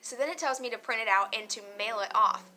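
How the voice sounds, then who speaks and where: A woman's voice: fairly high pitch, fast, pushed and bright, a little hiss or hum. A young woman chatting casually to camera as a vlogger, emotional and talkative, often laughing and using many fillers.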